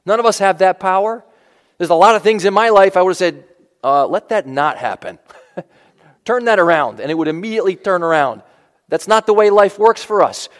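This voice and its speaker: Male pastor, conversational sermon delivery, fairly high voice, long church-hall reverb. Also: animated, fairly quick. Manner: conversational preaching with asides and restarts.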